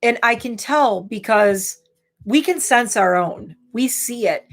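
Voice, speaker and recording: A woman's voice: fairly high pitch, expressive, takes it slowly. A woman in her thirties chatting candidly and rambling on a beauty livestream, a bit tipsy from wine. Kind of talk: casual livestream chat.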